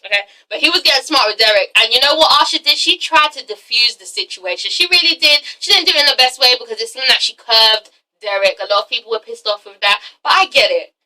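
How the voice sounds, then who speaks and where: A woman's voice: fairly high pitch, quick pace, recorded from a distance. A woman giving a casual, profane, laughing recap of a TV episode. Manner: animated, profane, laughing often. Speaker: TV show reviewer.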